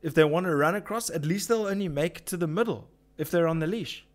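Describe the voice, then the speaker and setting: A man's voice: on the high side, quick pace. A man, hosting a casual livestream, ranting with swearing and lots of filler words. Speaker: livestream host.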